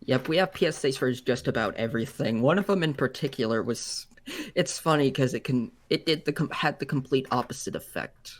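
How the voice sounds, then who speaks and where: A man, a guest in a casual reaction video, talking in a relaxed, joking way. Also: medium pitch, fairly quick.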